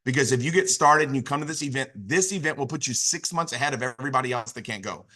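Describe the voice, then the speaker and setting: A man giving an enthusiastic motivational business pitch on a video call, telling a long story with lots of "literally" and "you know". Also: quick pace, bright, forceful tone. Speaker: business opportunity speaker.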